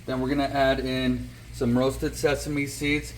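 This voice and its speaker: A man's voice: mid-range voice, level tone, unhurried, a little hiss or hum, low-quality recording. Chatty man hosting a cooking video. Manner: chatty, says "okay?" often. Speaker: cooking channel host. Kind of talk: casual cooking demonstration.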